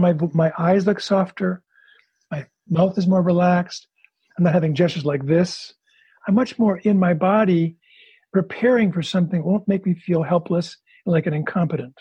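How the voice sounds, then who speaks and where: A man's voice: sits high, normal speed, mellow, husky, no echo, dull audio. A male therapist explaining his method and acting out a couple's session. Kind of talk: explanatory talk with role-play demonstration.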